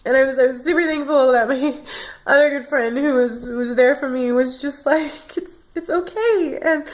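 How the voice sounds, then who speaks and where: A woman vlogging about how she feels, ranting emotionally, tearful at times and stumbling over repeated words. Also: high-pitched. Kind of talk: emotional personal vlog.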